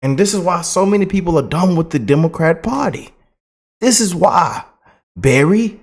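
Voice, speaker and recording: A man's voice: high-pitched, animated, moderate pace, gravelly. A man ranting in a casual, repetitive and colloquial way as a political commentary vlogger.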